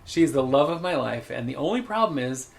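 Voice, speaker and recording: A man's voice: medium pitch, expressive, brisk, gravelly. A man co-hosting a podcast in casual chat, joking wryly and reading a post aloud. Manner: wry, dryly joking, reads aloud. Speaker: podcast co-host.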